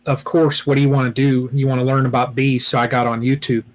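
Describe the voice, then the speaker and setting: A man's voice: mid-range voice, little pitch movement, quick pace. A man from Ohio hosting a weekly beekeeping live chat, rambling casually with lots of "you know" and restarts.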